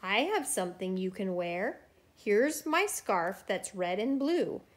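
A woman's voice: medium pitch, big pitch swings, slow. A woman voicing a kind little boy who shares his scarf, in a rhyming storybook. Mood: friendly. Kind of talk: children's picture book read aloud.

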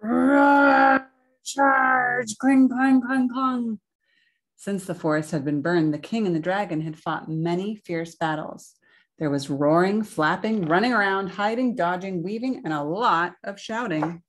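Woman reading a picture book slowly. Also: fairly low pitch. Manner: slow, expressive read-aloud with sound effects. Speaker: storyteller at a church.

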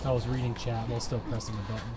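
A man's voice: mid-range voice, flat delivery, very fast, heavy background noise. A man with a Southern US accent streaming a game, chatty, laughing often and swearing freely. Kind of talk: casual live-stream commentary. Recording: game music playing behind the voice.

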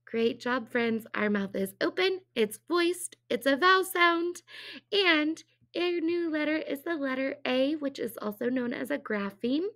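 A woman teaching an early phonics lesson, speaking slowly and drawing each sound out for small children. Her voice sits a little high, with a gravelly edge. She asks cheerful, encouraging questions. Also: fairly bright tone. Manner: slow, exaggerated sounds for young children.

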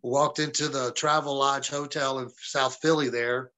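A man's voice: mid-range voice, fairly even intonation, normal speed, pushed and bright. A man from the American South, a wrestling guest on an interview show, telling stories casually and profanely and acting out the people he quotes.

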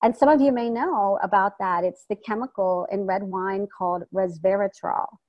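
A woman coaching an online community on a video call, speaking in an animated, enthusiastic way. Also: medium pitch, moderate pace, no echo, muffled recording. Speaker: wellness coach. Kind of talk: online community health talk.

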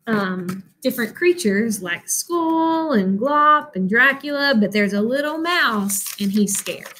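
The recording is low quality, capturing a woman teacher with a fairly high-pitched voice. She reads a picture book to kids with expression, breaking off to ask them questions.

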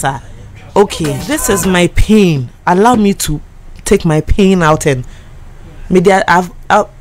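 A Ghanaian woman crying as she speaks on the radio, halting and repeating herself as she slips between English and Twi. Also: medium pitch. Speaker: radio guest. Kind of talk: emotional on-air confession.

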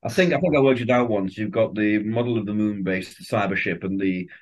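A man co-hosting a chatty podcast. He rattles along at a quick clip, joking and riffing, in a slightly low voice. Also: lo-fi sound. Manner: quick, joking, riffs on scenes. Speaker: podcast co-host. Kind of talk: casual chat.

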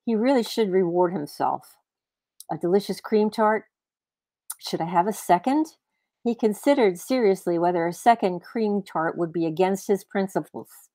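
A woman author reading her own fiction aloud in a brisk, expressive way. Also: medium pitch, no echo.

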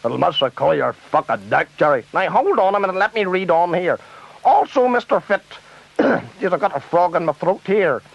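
A man playing a high-voiced fussy debate presenter. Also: expressive, normal speed, vocal fry, no room sound. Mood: officious. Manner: fussy, scolding interviewer. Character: flustered middle-aged male TV debate presenter. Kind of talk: comic radio sketch. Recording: dull lo-fi tape.

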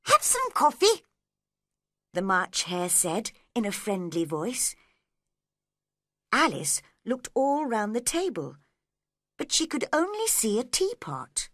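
A woman reading a storybook aloud slowly and clearly for learners. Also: mid-range voice, no echo, clean studio sound. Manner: slow, clear, lively reading. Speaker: reader. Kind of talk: storybook read-along narration.

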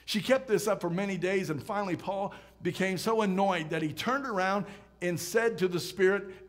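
A man preaching a sermon, swinging from loud emphatic rises to hushed near-whispers. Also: high voice, animated, moderate pace. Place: church sanctuary. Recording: church hall reverb.

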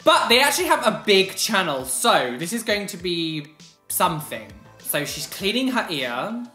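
A woman's voice: mid-range voice, sing-song, moderate pace, pushed and bright, faint music behind. A woman hosting a reaction video, chatting casually with shocked exclamations and outraged asides. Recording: echoey room.

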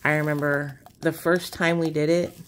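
A woman chatting casually while she crafts, relaxed and rambling with many fillers. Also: sits low, moderate pace, slight background noise. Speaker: craft vlogger.

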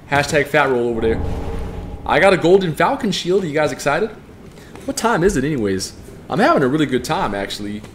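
A man's voice: fairly high pitch, slight background noise. A man with a strained voice giving joking, profane live commentary as he plays a game and reads chat aloud. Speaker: game streamer.

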